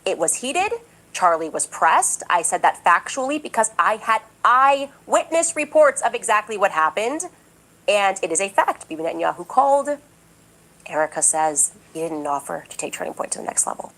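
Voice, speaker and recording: A woman's voice: medium pitch, big pitch swings, normal speed, fairly bright tone, poor audio. A woman commentator delivering a podcast monologue, emphatic and indignant, repeating her points insistently. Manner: mocks others in a raised, exaggerated voice. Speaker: political commentator.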